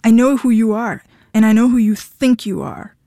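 A woman's voice: fairly high pitch, normal speed, warm tone, dry recording, clean studio sound, lightly acted. Woman voicing a pleading, volatile man. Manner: pleading, cracking voice.

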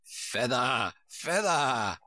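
A man's voice: mid-range voice, animated, takes it slowly, bright, forceful tone, no echo, clean studio sound, full character voice. A man doing a curt, grumpy old sheep lady. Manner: curt, snappish. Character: grumpy old female sheep, knitting and terse.

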